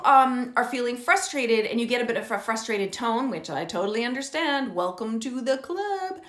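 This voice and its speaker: A woman's voice: a little high, a bit bright. A middle-aged woman coaching parents in an earnest teaching talk, often checking in with "okay?" and "right?". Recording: roomy echo.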